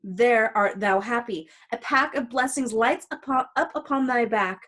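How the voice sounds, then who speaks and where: A woman's voice: a little high, normal speed, a bit bright. A woman reading aloud as a stern, lecturing older male friar in a casual play reading, with an emphatic, scolding delivery.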